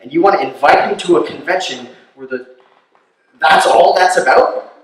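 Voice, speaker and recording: A man performing a stand-up comedy set, telling a long story and building to loud, incredulous rants. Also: on the high side, moderate pace, distant mic. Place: live comedy venue. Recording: very echoey room, voice from off-mic.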